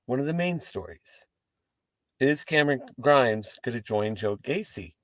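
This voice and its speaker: A man hosts a wrestling post-show from inside his parked car, chatting to the camera in a rambling, profane way with animated asides. His voice sits at an ordinary middle pitch. The sound is close and dry, with no room echo. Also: unhurried. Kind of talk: casual talk to camera.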